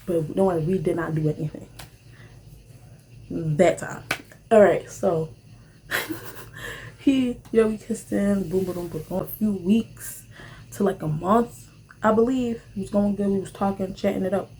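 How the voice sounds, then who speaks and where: A young woman rambles through a storytime while she eats at home. Her talk is animated and slangy, often leaping up into excited squeals. A faint background hum sits under her mid-pitched voice. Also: measured pace, pauses often. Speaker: vlogger. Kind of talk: casual storytime while eating.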